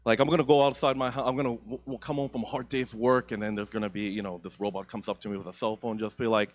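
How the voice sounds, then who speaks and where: A man's voice: on the low side, fairly even intonation, fast, hardly any pauses. A young man doing stand-up comedy on a theatre stage, profane, rambling and self-mocking, into a handheld mic.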